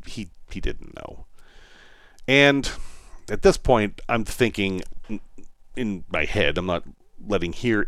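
Podcast host, man, Boston accent; low voice that swings widely, dry close sound, wry and self-deprecating. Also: dry recording. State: in pain. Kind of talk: casual storytelling monologue.

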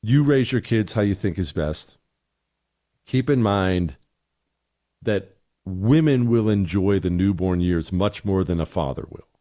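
A man's voice: low voice, animated, unhurried, mellow. A middle-aged man hosting a talk show, giving blunt, exasperated opinions and answering listener emails.

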